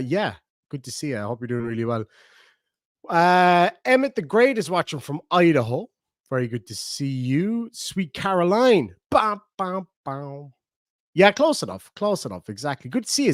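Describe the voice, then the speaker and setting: Irish guy rambling thru live chat, jokey, kinda high voice, dry sound. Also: very animated, normal speed, no room sound. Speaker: livestream host. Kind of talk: casual chat reading live comments.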